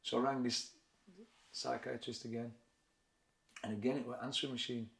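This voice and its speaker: A middle-aged man with a broad Sheffield Yorkshire accent speaks in a plain-spoken, candid way. His voice sits at an ordinary male pitch and carries some room echo. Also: flat delivery, moderate pace, gravelly, fairly bright tone. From Sheffield, England. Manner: frank, reflective, plain-spoken. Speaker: boxing trainer and former fighter. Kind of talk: candid interview storytelling. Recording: echoey room.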